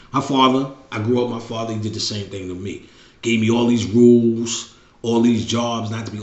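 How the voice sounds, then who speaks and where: A middle-aged man hosting a show, talking in a blunt casual monologue with heavy swearing and repeated phrases. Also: medium pitch. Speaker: show host. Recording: roomy, dull lo-fi recording.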